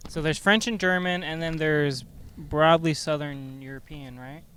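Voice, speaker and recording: A man's voice: on the high side, fairly even intonation, a little slow, a bit bright, slight background noise. A young man chatting casually outdoors on a rooftop, teasing and swearing easily. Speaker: co-host running the guessing game. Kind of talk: casual banter.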